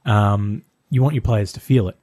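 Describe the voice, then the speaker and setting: A man co-hosting a tabletop game podcast in casual, measured chat. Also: lowish voice, a little mellow, dry recording. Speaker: game master podcast co-host.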